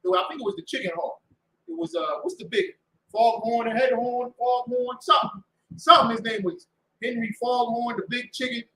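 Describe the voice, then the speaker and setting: Loud, mocking man preaching in an echoey room. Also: very high voice, a little fast. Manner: loud, mocking, repetitive, with shouted bursts. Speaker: street preacher and show host. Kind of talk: fiery preaching talk. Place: indoor room with a door to the street.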